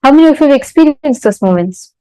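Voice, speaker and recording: A woman's voice: high voice, expressive, dark tone, no echo, soft background music, poor audio. Woman spiritual teacher, paced parable-telling talk, dry close sound. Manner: unhurried, pausing often, telling a story with acted-out quotes. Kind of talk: live online spiritual discourse with a parable. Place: temple.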